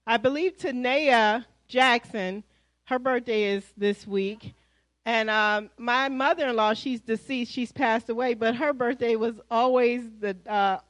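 A woman pastor with an American accent giving lively, chatty church announcements to her congregation, calling them y'all. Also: a little high, no echo, poor audio. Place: church sanctuary.

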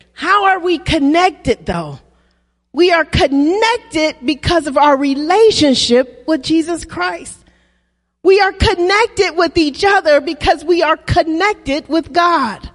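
A woman preacher giving a sermon in a church, using call-and-response and drawn-out, emphatic phrasing. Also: high voice. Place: church sanctuary. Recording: long reverb of a hall.

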